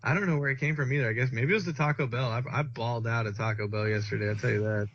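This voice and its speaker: A man's voice: mid-range voice, steady tone, rapid-fire, a bit bright, slight background noise. A young man talks casually with a friend, rambling through stories and slipping in swear words. His voice sits mid-range for a man. The recording is dull and lo-fi. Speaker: podcast co-host. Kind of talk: casual chat. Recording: dull lo-fi sound.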